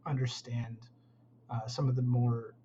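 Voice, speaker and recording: A man's voice: mid-range voice, level tone, unhurried, warm tone, lo-fi sound, a little hiss or hum. A man who works as a concept artist, speaking as a guest in a casual interview and rambling with many fillers.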